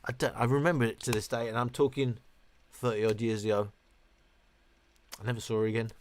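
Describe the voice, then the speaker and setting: A man in his fifties hosts a loose, late-night livestream, answering viewer questions in a chatty, rambling way. He often starts a thought, breaks off and circles back, and his voice sits at an ordinary middle pitch. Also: level tone, fairly quick, slight background noise. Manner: rambling, chatty, self-interrupting. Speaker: livestream host.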